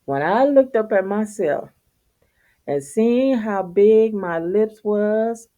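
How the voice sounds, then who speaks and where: A woman's voice: mid-range voice, slow pace, mellow, dull audio. A middle-aged woman, telling viewers a casual, profane story and laughing often. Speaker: vlogger.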